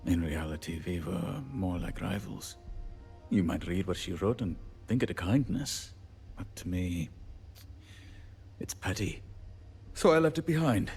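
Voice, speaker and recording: Brief: a weary middle-aged handyman, lowish voice, self-deprecating puns, faint music under. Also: measured pace, pauses often, a little mellow. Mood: wistful. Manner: wry and rambling, laughs at himself. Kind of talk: video game dialogue.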